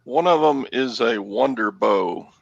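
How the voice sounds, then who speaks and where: A man's voice: mid-range voice, unhurried, creaky, no echo, lo-fi sound. A middle-aged man, co-hosting a casual chat in a wry, self-mocking way. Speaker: show co-host.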